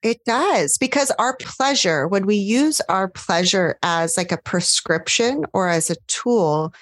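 A woman coach as a podcast guest, talking gently and soothingly, full of warm affirmations. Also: medium pitch, lively intonation, measured pace, no room sound, studio quality. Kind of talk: podcast interview.

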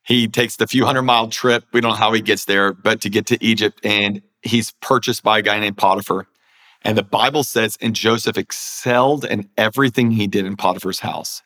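A man's voice: lowish voice, steady tone, brisk, pushed and bright. A pastor and author, a man, talking earnestly in an interview and now and then acting out inner voices as he makes his point. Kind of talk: conversational preaching.

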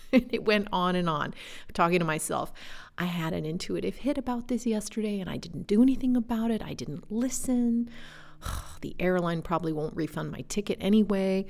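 A woman life coach telling a personal story in a gentle, introspective way, with soft laughs and whispered asides. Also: fairly low pitch, normal speed, creaky. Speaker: life coach and podcast host. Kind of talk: reflective storytelling monologue.

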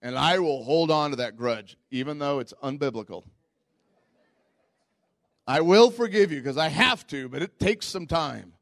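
A man preaching a sermon as pastor, telling stories in a candid, self-mocking way and jumping into high squeaky voices when quoting people. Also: a little slow, pauses often, dry recording, clean studio sound. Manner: animated storytelling, jumps into high squeaky voices for quotes.

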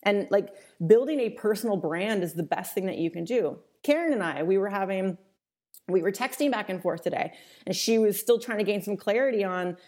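A woman coach runs a training webinar for her students. Her voice sits at an ordinary pitch with a warm, mellow tone, and she talks in a relaxed, conversational way, full of fillers and a casual swear word here and there. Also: fairly quick. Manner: casual and chatty, many fillers and mild swearing. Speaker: online business coach.

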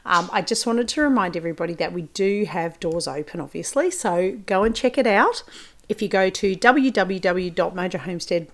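A woman hosts her own podcast about farm life. She talks to listeners in a relaxed, chatty way, with filler words and asides. Her voice sits at an ordinary middle pitch. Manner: chatty, informal, many fillers. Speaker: podcast host and farmer. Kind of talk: solo podcast talk.

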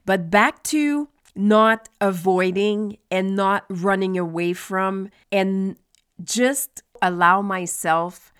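A woman talking candidly to her listeners about her own feelings, in a reflective monologue with pauses and fillers. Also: mid-range voice, clear, resonant tone. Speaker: podcast host speaking to adults with ADHD.

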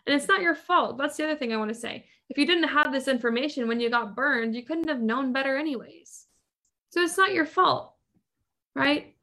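A woman's voice: high-pitched, normal speed, pushed and bright. A woman hosting a podcast, coaching listeners in an emphatic motivational monologue full of repetition and rhetorical questions. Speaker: podcast host and business coach.

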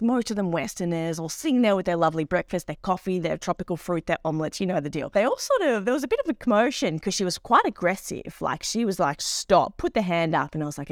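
A woman co-hosting a podcast, telling an embarrassing travel story in a lively, animated way and acting out the people in it. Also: fairly low pitch, dry recording, studio quality. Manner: animated storyteller, acts out voices in anecdotes. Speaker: podcast co-host. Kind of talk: casual chat.

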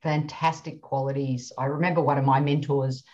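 A woman's voice: extremely low pitch, flat delivery, moderate pace, a little mellow. An Australian woman hosting an interview podcast, upbeat and encouraging, asking follow-up questions. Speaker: podcast host. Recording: dull lo-fi audio.

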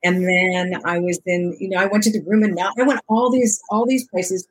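A woman in her sixties, an interview guest telling a personal story in an expressive, conversational way, acting out dialogue and laughing often. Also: mid-range voice, normal speed, slightly rough. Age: 60s.

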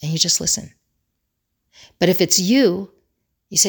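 Earnest woman with a lowish voice coaching. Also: measured pace, gravelly, long pauses, slightly rough. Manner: earnest, repeats key phrases for emphasis. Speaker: crisis communication trainer. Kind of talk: motivational teaching talk.

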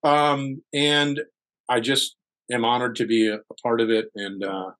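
A man's voice: medium pitch, steady tone, unhurried, a bit bright. A man co-hosting a casual podcast, talking earnestly and loosely, often laughing, recorded in a hall. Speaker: podcast co-host.

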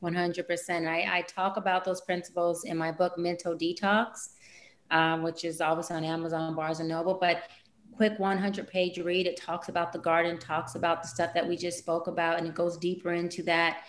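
A woman speaking as a life coach guest in a podcast interview, animated, acting out conversations with her clients in big leaps of voice. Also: fairly low pitch, normal speed, reverberant, slight background noise.

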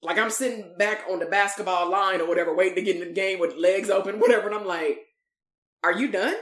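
A woman's voice: medium pitch, fairly even intonation, fast. A woman coaching therapists in a live-streamed talk, telling stories in a blunt, streetwise way full of slang.

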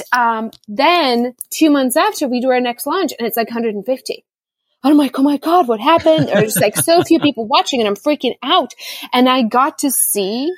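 A middle-aged woman talking through a casual interview in a slightly high voice. She tells her stories with energy and acts out her own reactions. The sound is close and dry. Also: dry recording. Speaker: podcast guest, business coach. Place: home in Costa Rica during rainy season.

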